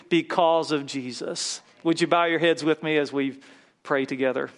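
A fervent male pastor preaching to a congregation in a church, with a slightly higher than usual voice. He leads the room in call-and-response and then in prayer. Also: fairly even intonation, normal speed. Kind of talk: sermon.

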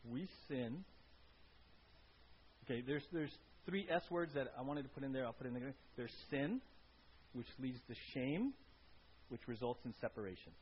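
A male pastor giving a conversational sermon with an animated delivery, often checking in with the congregation by asking "right?". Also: medium pitch, normal speed, long pauses. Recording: dull lo-fi recording with faint hiss.

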